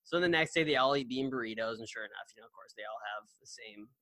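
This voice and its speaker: Bright-voiced rambling podcast guy. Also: mid-range voice, fast, dry recording. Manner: rambling, many fillers and restarts. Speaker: podcast co-host. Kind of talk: casual podcast chat.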